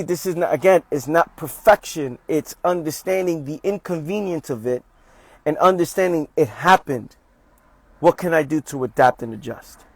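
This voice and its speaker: Man, motivational livestream talker, a bit high-pitched, emphatic and repetitive, dry close sound. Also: dry recording. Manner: emphatic, repetitive, calls listeners "fam". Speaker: motivational speaker.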